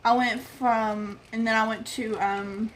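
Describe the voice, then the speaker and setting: A woman's voice: a little high, fairly even intonation, takes it slowly, a little hiss or hum. A young woman telling a rambling personal story on her vlog, acting out what other people said. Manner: rambling, acts out quoted people. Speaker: vlogger. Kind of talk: casual storytelling.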